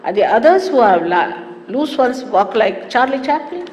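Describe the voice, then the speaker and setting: A woman giving a spiritual talk to followers, animated and teasing with amused asides. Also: on the high side, normal speed. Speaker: spiritual teacher. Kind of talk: sermon-style spiritual talk. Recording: echoey hall with faint hiss, archive 1989 tape.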